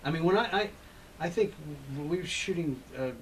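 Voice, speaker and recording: A man's voice: a little high, animated, a little fast, a little hiss or hum, poor audio. A man hosting a casual talk show, telling long rambling stories full of restarts. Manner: rambling anecdotes with many restarts. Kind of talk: casual chat.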